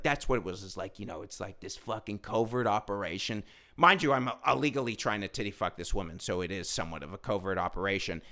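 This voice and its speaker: A man who is a stand-up comedian, telling a rambling, profane story in a casual, animated way. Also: mid-range voice.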